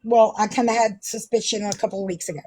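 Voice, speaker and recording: A woman's voice: mid-range voice, steady tone, fast, warm tone, breathy edge. A woman hosting a casual live stream, ranting defensively and sarcastically, swearing often. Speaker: livestream host.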